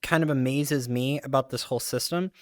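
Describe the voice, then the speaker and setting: A man interviewing a guest, asking measured and reflective questions. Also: medium pitch, dry recording, clean studio sound.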